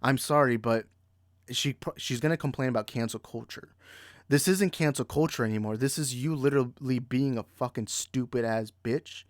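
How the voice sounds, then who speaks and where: Angry podcast guy ranting, cursing, middle pitch voice, dry close sound. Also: normal speed, no room sound. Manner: angry, heated, profane; repeats and restarts in bursts. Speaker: movie podcast host. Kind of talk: ranting commentary.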